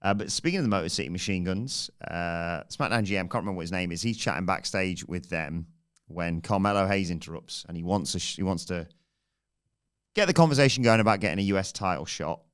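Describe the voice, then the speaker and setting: A man's voice: sits low, brisk, a bit bright, clean tone. A man hosting a wrestling podcast, giving a casual, rambling and jokey recap with self-deprecating asides.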